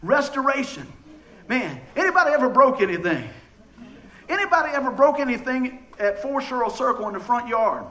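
Folksy high-voiced preacher. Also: male voice, sing-song, fairly quick, fairly bright tone, rough recording. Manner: folksy, joking storyteller with stammered restarts. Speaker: pastor. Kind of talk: sermon.

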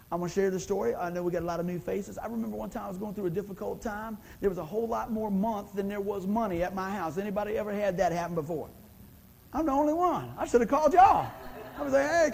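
A man's voice: sits high, creaky, mellow, a little hiss or hum, low-quality recording. A man preaching a sermon in a folksy, conversational way, often asking the congregation for an amen. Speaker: pastor.

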